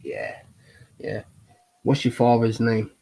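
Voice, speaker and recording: A mocking man with a somewhat husky voice, calling in by phone and repeating the same jibes again and again. His pitch sits in the middle of the range. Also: sing-song, takes it slowly, warm tone, poor audio. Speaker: caller. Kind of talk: heated online argument.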